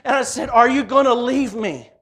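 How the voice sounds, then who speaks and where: High-pitched man, passionate church testimony. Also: normal speed. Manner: passionate, swinging from loud cries to hushed tones. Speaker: guest giving a testimony. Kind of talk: emotional personal testimony.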